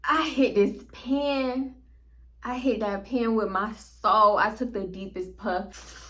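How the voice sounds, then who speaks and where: A woman's voice: a little high, slow pace. Woman vlogger telling a wild story, slangy, keeps cracking up. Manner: animated, laughing often, slangy, talks straight to viewers. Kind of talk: casual storytime chat.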